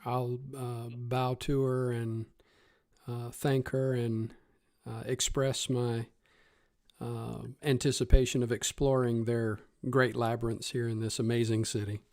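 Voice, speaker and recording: A man's voice: medium pitch, little pitch movement, unhurried, a little mellow, dry recording, clean studio sound. A man playing a tabletop game, speaking hesitantly with many fillers. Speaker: player. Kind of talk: tabletop role-play.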